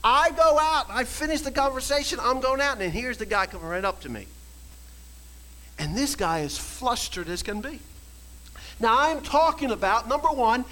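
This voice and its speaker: A man preaching a sermon, telling a story and swinging from quiet storytelling to shouted exhortation. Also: very high voice, rough recording. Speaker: pastor.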